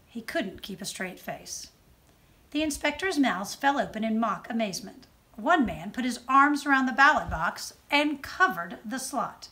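A woman judge reading a children's book aloud with expressive storytelling. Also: on the high side, unhurried. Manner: expressive storytelling, softer on narration tags.

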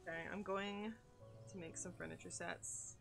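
A young woman streaming a game, chatting with viewers in an excitable, gushing way. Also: fairly low pitch, moderate pace, gravelly. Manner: excitable, gushing, squeals and laughs, chats with viewers. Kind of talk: live game-stream chat. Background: game music.

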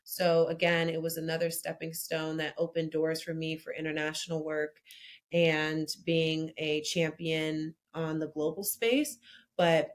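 A woman guest in her thirties, talking casually in an interview and telling stories with lively energy. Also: measured pace. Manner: animated storyteller, lively pitch jumps when telling anecdotes. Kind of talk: conversational interview.

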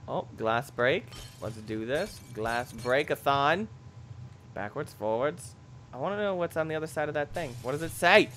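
A young man giving excitable, jokey commentary over a video game, bursting into shrieks and yells. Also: on the high side, normal speed, a little hiss or hum. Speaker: gameplay commentator. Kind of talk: let's play commentary.

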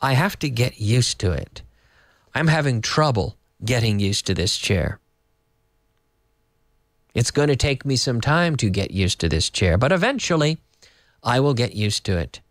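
Brief: male teacher, animated delivery, dry close sound. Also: mid-range voice, dry recording. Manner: lively, explains slowly with repetition and Spanish glosses. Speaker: English teacher. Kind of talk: casual online English lesson for Spanish speakers. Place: in Madrid.

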